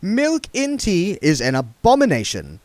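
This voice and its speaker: A man voicing a fussy, genteel beggar who speaks in a high, prim and mincing way. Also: wildly swooping pitch, unhurried, darkish tone, no echo, full character voice. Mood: prim fussing.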